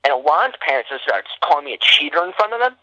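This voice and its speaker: A bright, forward man tells a story in a casual podcast chat, and his voice jumps high whenever he acts out what someone said. The close, dry sound is a little dull, like modest podcast audio. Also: fast talker, dry recording. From New Jersey. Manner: animated, acts out quotes with big jumps in pitch. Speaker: podcast guest.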